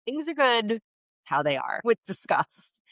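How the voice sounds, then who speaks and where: Blunt woman with a bright voice. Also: a little high, a little slow, dry recording. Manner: blunt, opinionated, animated storytelling. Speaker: podcast co-host. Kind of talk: casual gossip chat.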